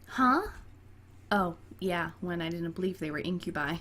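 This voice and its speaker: A woman's voice: on the low side, fairly even intonation, brisk, a bit bright, a little hiss or hum. A woman gamer reading a dating game aloud and breaking off into chatty, giggly asides, including talking to her cat. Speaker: let's play gamer.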